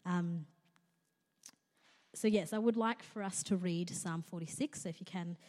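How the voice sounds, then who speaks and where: A young woman speaks in a low-pitched, mellow voice as she gives a sermon, telling a personal story in a loose, conversational way with flashes of humor. Her voice rings out with the long reverb of a large church hall. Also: measured pace. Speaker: guest speaker.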